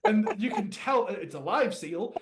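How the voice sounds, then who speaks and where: A man with a notably high voice co-hosting a relaxed podcast. He rambles through stories in an easy, casual way and often laughs mid-sentence. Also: normal speed, heavy background noise. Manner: chatty storyteller, laughs while talking. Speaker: podcast co-host. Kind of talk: casual chat.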